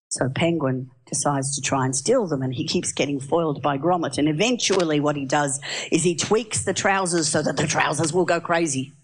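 A woman preaching a sermon, telling stories in a lively way and asking the audience questions. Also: sits low, moderate pace, breathy edge. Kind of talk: sermon with storytelling.

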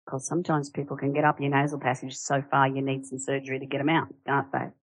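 A woman's voice: very deep voice, completely flat delivery, fast talker, no echo, rough recording. A woman preaches a sermon. She talks conversationally and with animation, asking rhetorical questions, and the recording is close and dry.

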